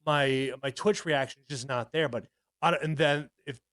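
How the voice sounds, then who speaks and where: A man's voice: on the high side, moderate pace, a bit bright, smooth, dry recording. A man in his thirties co-hosting a podcast, rambling and swearing as he tells stories, with lots of restarts. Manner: rambling, profane, with many restarts. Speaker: podcast co-host. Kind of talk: casual podcast chat.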